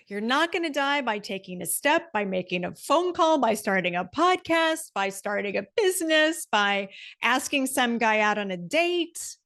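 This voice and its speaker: A woman's voice: on the high side, expressive, moderate pace, fairly bright tone. A middle-aged woman hosting a solo motivational podcast, talking passionately and repeating her key phrases for emphasis. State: emotional. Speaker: podcast host.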